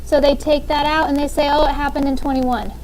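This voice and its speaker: A woman's voice: high voice, level tone, fairly quick, darkish tone, a little hiss or hum, low-quality recording. A woman in her thirties teaching a classroom grammar lesson, upbeat and often checking in with "okay?". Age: 30s.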